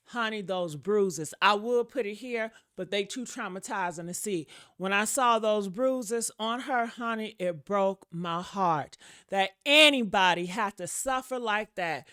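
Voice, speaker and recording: A woman hosting a gossip vlog, talking to her viewers in a sassy, animated, chatty way. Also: mid-range voice, no room sound, studio quality. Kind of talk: casual commentary.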